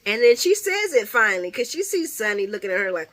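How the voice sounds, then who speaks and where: A woman giving a casual, animated recap of a soap episode, laughing often and swearing freely. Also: mid-range voice, fast talker, hardly any pauses. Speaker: soap opera recap vlogger.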